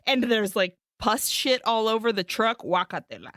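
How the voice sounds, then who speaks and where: A podcast co-host with a high-leaning, slightly bright voice and big pitch swings animatedly retells a film plot at normal speed, laughing often and swearing freely. She mixes Spanish words into her English, and the studio-quality recording has no echo.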